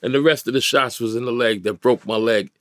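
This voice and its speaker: A man's voice: mid-range voice, fairly quick, no echo. A middle-aged man from New York, a guest in a studio interview, telling a vivid street-style story and acting out the voices of others.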